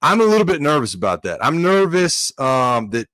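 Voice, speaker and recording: A man's voice: a little high, moderate pace, no room sound, studio quality. A man, a former college offensive lineman, telling stories in a casual sports podcast chat, acting out quotes and saying "dude" often. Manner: animated storyteller, acts out quotes, says "dude" often.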